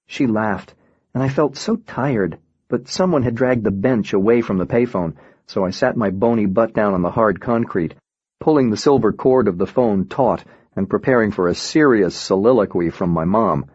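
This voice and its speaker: A man narrating an audiobook in the first person with a steady, reflective reading. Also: lowish voice, moderate pace, slightly rough, dry recording, muffled recording.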